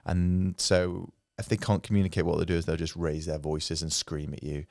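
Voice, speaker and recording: A man co-hosting a casual podcast chat, jokey and animated as he tells anecdotes. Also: sits low, normal speed, creaky, no echo, studio quality. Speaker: podcast co-host, father of a toddler.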